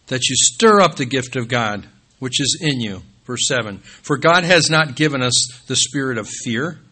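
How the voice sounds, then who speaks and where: A man preaches a sermon in a church with a bright, forceful tone. His voice climbs to emphatic peaks on key phrases. It falls low and soft whenever he names the next passage. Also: slightly rough. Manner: rises to emphatic peaks, drops low and quiet when calling out scripture references. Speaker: pastor.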